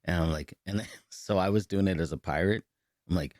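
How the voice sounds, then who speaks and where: A man's voice: low-pitched, fairly even intonation, brisk, darkish tone, no echo, studio quality. A man co-hosting a podcast, laughing as he retells prank calls and acts out the voices in casual chat. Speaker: podcast co-host.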